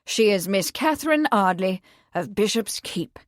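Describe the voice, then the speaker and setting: Stiff young gentleman, calm and formal, no echo, woman reader doing him. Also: mid-range voice, studio quality, natural voice. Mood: pleased. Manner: measured, formal.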